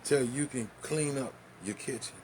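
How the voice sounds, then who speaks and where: A man telling a profane, animated story in casual talk, with laughs and spoken sound effects. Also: medium pitch, moderate pace, a little hiss or hum.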